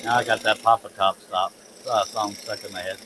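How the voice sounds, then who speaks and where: A man's voice: on the low side, level tone, fairly quick, background noise. A man hosting a live stream, chatting casually and poking fun at himself while he works. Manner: easygoing, self-mocking, chuckles often. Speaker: live-stream host and artist. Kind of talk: casual chat while working.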